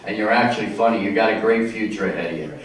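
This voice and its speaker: A man's voice: lowish voice, racing, a little hiss or hum, lightly acted. Guy doing an old talk show host, friendly and encouraging, big echoey room from far off.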